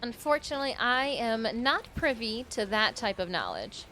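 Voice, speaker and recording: Brief: bubbly woman game streamer, slightly high voice, faint music under the chatter. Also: sing-song, moderate pace, bright, forceful tone. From Michigan. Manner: chatty, playful, reads out chat names. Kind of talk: casual live-stream chat.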